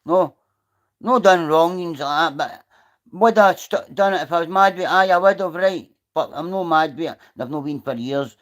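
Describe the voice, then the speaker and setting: A man's voice: a little high, normal speed. A Scottish man chatting casually on a livestream, rambling through a story and swearing freely, sitting outdoors. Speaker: livestream host.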